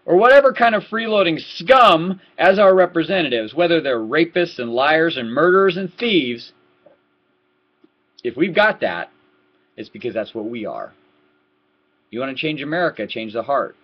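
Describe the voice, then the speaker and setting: A man giving a heated political rant to his webcam, repeating words and swinging from low muttering to loud outbursts. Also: husky. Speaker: political vlogger. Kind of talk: ranting webcam commentary. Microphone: laptop webcam mic. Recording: lo-fi laptop webcam audio.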